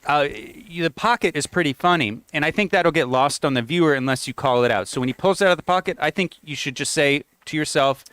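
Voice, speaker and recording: A man co-hosting a comedy podcast, giving brisk practical notes on sketch ideas. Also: a little high, a bit bright, clear, resonant tone, no echo. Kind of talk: casual brainstorming.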